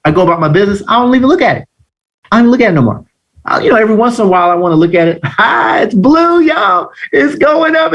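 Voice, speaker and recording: A man giving a live online trading lesson, telling animated, slangy stories. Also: high-pitched. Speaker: trading instructor.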